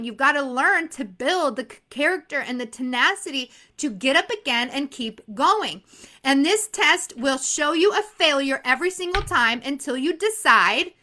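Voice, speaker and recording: A woman giving an energetic motivational talk to insurance exam students, laughing often and repeating phrases for emphasis. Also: high voice.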